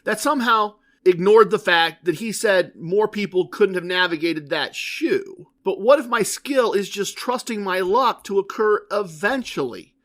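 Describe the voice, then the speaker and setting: A man's voice: high voice, a bit bright. A man hosting a podcast, telling a rambling, self-questioning story in a casual solo monologue. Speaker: podcast host.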